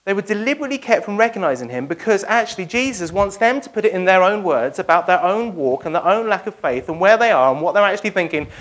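A preacher giving a lively sermon, retelling a Bible story and acting out its dialogue for the congregation. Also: medium pitch. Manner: speaks directly to the congregation.

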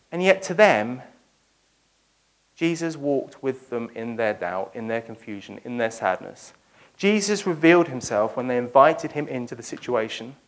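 A preacher giving a lively sermon, retelling a Bible story and acting out its dialogue for the congregation. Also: mid-range voice, normal speed. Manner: speaks directly to the congregation.

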